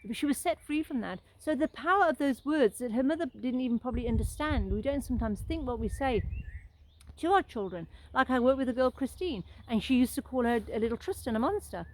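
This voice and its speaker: Fast-talking earnest woman sharing faith. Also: high-pitched, lively intonation, poor audio. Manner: earnest, rambling storytelling with restarts. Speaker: Christian vlogger sharing encouragement. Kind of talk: casual live-stream testimony.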